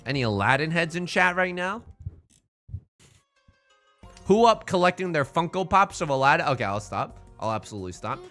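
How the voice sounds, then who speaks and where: Young man, livestream chatter, joking and rambling, lively pitch, higher voice, faint music behind. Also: moderate pace, pauses often. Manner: joking, rambling, playful asides. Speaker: streamer. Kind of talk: casual livestream chat while playing.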